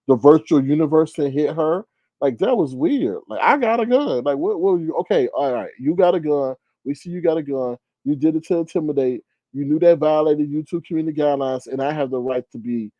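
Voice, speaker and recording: A man hosting a casual live stream, reading viewers' comments aloud and reacting with frequent laughs and sudden exclamations. His voice sits a little high but stays warm and mellow. The sound is dry and close, with no room echo. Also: muffled recording. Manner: animated, exclaiming, laughing often.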